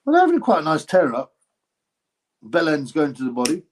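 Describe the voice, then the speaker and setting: A man's voice: on the high side, wildly swooping pitch, a little fast, slight background noise. Mocking man giving live fight banter. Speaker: livestream host reacting to a boxing fight. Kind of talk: casual live fight commentary and reading chat comments.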